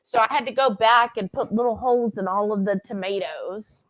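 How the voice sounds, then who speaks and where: A woman's voice: medium pitch, normal speed. A woman hosting a cooking livestream, chatting casually and animatedly, reading out viewer comments and laughing often. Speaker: livestream cooking show host.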